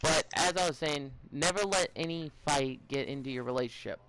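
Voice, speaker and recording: A man's voice: on the high side, fairly quick, background noise. A young man hosting a casual podcast, rambling and giving advice with many fillers, restarts and stutters. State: a bit out of it, stuttering.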